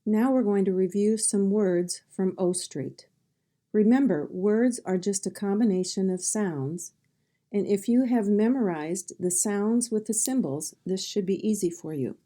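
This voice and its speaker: A woman's voice: mid-range voice, measured pace, mellow. A woman teaching a phonics lesson, sounding out words one sound at a time and then saying each word whole.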